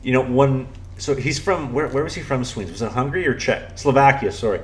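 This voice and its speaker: A man's voice: mid-range voice, fairly quick, soft background music. A young man in a casual podcast chat, telling rambling stories in a middling voice. He keeps restarting his sentences and says "you know" a lot. His delivery is loose and conversational. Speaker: podcast co-host, pro hockey goalie.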